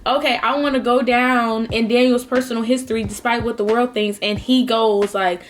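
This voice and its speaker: Eating on camera, this woman in her twenties chats in a heartfelt, rambling mukbang style packed with fillers, sometimes near tears. She speaks at normal speed in a slightly high voice with fairly even intonation, and there's slight background noise.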